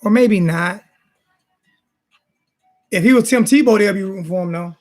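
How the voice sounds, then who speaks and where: A man's voice: high voice, moderate pace, soft background music. A man hosting a sports talk show, ranting in a heated, repetitive way and throwing insults. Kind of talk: heated casual sports rant.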